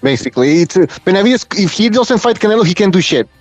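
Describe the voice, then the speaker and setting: High, rapid man on a dull line. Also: very animated, no echo, soft background music. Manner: blunt and dismissive, swears often. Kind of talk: heated debate.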